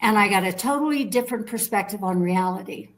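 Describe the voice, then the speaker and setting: A woman telling a personal story as an interview guest. She talks in a lively, chatty way, acts out the voices of the people in her story, and keeps asking her listeners whether they follow. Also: medium pitch, fast talker, low-quality recording. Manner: animated storyteller, acts out quoted dialogue, checks in with "okay?".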